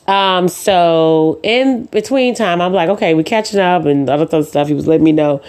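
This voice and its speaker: Podcast host, woman with a deep speaking voice; chatty storyteller who acts out dialogue, many ums and uhs. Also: moderate pace, darkish tone. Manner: says "um" and "uh" often. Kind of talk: casual chat.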